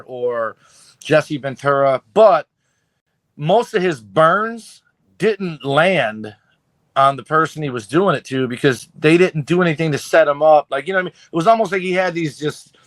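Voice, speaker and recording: A man in a casual podcast chat, recounting scenes with loose, profane energy. His voice sits a bit high, and the sound is dry and close, with no room in it. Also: normal speed, dry recording. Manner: profane, animated storytelling. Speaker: podcast co-host.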